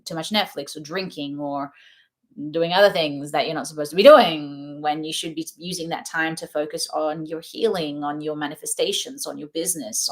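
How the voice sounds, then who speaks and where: A young adult woman giving a casual, rambling oracle card reading, chatty and often laughing between thoughts. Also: deep voice. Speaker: tarot reader.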